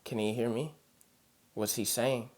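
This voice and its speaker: A man voicing a grown daughter who is tearfully and gently saying goodbye to her late father. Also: mid-range voice, fairly even intonation, a little slow, natural voice. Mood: tearful, tender. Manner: pleading, gentle.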